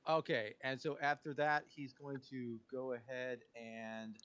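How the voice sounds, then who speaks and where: A man playing a tabletop role-playing game, thinking aloud hesitantly with many pauses as he plans his turn. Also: medium pitch, flat delivery, fairly bright tone, clear, resonant tone, muffled recording. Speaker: player.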